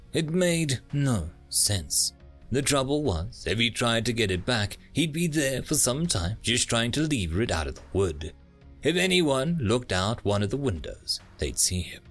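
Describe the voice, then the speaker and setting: A man narrating a thriller audiobook in a dramatic, low-voiced storytelling manner. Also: fairly bright tone.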